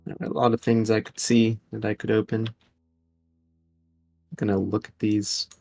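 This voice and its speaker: A man's voice: on the low side, flat delivery, unhurried, gravelly, darkish tone, no room sound, soft background music. A man playing at a tabletop game, chatting casually and bantering. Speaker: player.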